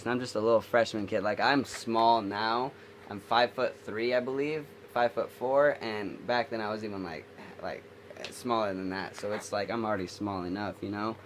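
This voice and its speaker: A man's voice: fairly low pitch, a little hiss or hum. Rambling young man telling a story. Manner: rambling, filler-heavy retelling. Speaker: vlogger. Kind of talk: storytelling vlog.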